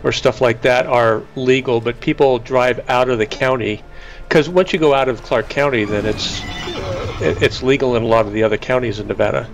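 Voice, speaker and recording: A man chats as a guest on a gaming livestream, relaxed and hesitant, filling gaps with fillers. His pitch is mid-range, and faint music plays behind him. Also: brisk. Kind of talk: casual voice chat.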